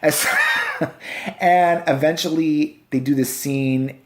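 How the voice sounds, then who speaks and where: A man's voice: fairly high pitch, fairly even intonation, takes it slowly. A man rants through a casual movie review, full of sarcasm and profanity. He mocks the film scene by scene in a loose, conversational voice, recorded on a handheld camera.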